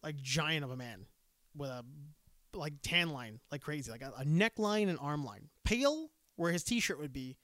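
A man's voice: a little high, animated, normal speed, fairly bright tone, no echo, clean studio sound. A man from Canada, co-hosting a casual chat, joking and acting out people in raised voices. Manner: joking, acts out characters in raised voices, laughs often. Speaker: podcast co-host.

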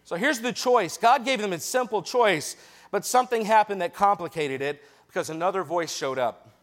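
High-voiced man preaching to teens. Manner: lively and jokey, with quick asides and laughs; directly addresses young listeners. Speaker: youth preacher. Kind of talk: sermon to a youth group.

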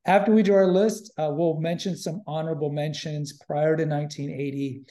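A man's voice: on the high side, steady tone, brisk, mellow. A man hosting a podcast in casual chat, opinionated and emphatic, often repeating himself. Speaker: podcast host.

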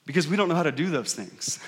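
Middle-aged pastor guy preaching, kinda high voice, chatty storytelling, big echoey church hall. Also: expressive, fast talker. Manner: conversational storytelling, asks the congregation questions. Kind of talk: sermon. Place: church sanctuary. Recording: reverberant hall.

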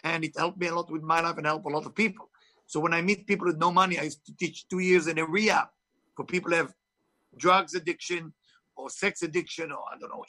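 A man's voice: high voice, pushed and bright. A man with a heavy foreign accent, an author and spiritual teacher speaking emphatically in an interview. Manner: emphatic, preachy, non-native phrasing. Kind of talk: interview talk.

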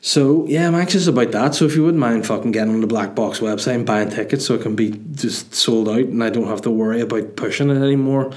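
A man's voice: medium pitch, fast, few pauses, a little mellow. A Northern Irish man hosting his own podcast, chatting in a rambling, jokey, sweary way. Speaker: podcast host and comedian. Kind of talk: casual solo podcast chat.

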